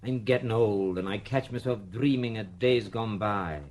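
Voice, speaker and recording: A world-weary, aging father, played by an actor speaks in a fairly low voice full of resignation. The tone is classic radio play acting. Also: normal speed, a little mellow, natural voice. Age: older. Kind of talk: 1970s radio drama acting.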